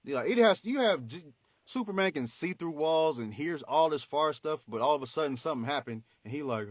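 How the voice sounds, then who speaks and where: Man, host, motivational faith talk, slangy, preachy, fairly high voice, dry close sound. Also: fairly quick, no echo. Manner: animated, preachy, slangy and conversational.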